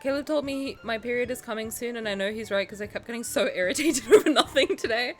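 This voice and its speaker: A young woman with a slightly high voice chats excitedly with her viewers during a game reaction stream. She gushes, teases and laughs often, and faint game music plays behind her. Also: quick pace. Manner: bubbly, gushing, often breaks into laughter. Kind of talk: casual live-stream reaction chat.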